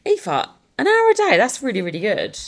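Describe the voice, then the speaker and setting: A woman's voice: a little high, huge pitch swings, moderate pace. A young adult woman hosting a casual solo podcast, chatty and upbeat with rambling asides. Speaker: podcast host.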